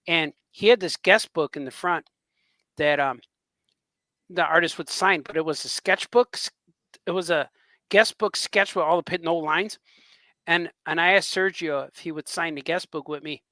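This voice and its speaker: A man, a cartoonist co-hosting a podcast, chatting casually and telling rambling, excitable stories, often laughing as he talks. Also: fairly high pitch, moderate pace, no room sound. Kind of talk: casual chat, storytelling.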